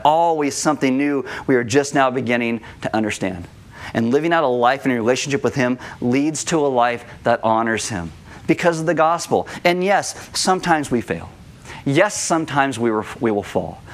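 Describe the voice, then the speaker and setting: A man preaching a sermon as pastor, telling stories with lively acted-out voices. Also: medium pitch. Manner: animated storytelling, acts out kids' voices. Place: church room.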